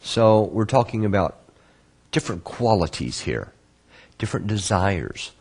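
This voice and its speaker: A man teaching an online course, patiently answering student questions and explaining terms slowly with repetition. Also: fairly low pitch, sing-song, darkish tone, breathy edge. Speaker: Kabbalah course instructor.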